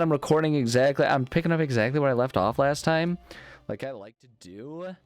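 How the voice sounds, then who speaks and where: A man's voice: mid-range voice, a little fast, dry recording, faint music behind. A man hosting a let's play, commenting in a jokey, rambling, self-mocking way. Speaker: gaming channel host.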